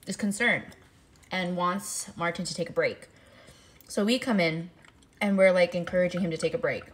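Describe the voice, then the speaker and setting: A young woman streaming, chatting casually and telling a lively story, her voice jumping up when she acts out reactions. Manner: animated storytelling, pitch jumps for quoted reactions. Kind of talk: casual chat while eating. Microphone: desk mic, no face cam.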